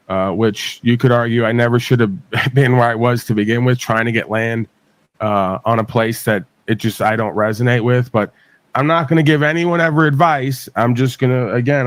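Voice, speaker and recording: A man's voice: mid-range voice, dry recording. A man from New York hosting a live stream, talking emphatically with frequent swearing and ranting. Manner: profane, emphatic, rants. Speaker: livestream host.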